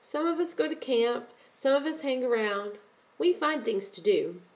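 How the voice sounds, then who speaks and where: A woman's voice: fairly high pitch, animated, normal speed. Woman reading as a cautious schoolboy. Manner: guarded, brief answers.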